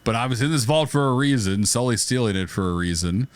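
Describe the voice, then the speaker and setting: A man's voice: medium pitch, expressive, quick pace, dry recording. A man co-hosting a comedy podcast, riffing animatedly on a movie idea and laughing often. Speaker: podcast co-host. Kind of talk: casual comedic brainstorming.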